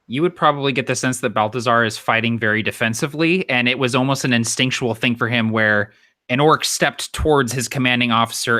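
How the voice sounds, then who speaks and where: A man's voice: mid-range voice, sharp tone, no echo, clean studio sound. A man playing a tabletop game, casually explaining his character's actions. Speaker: player.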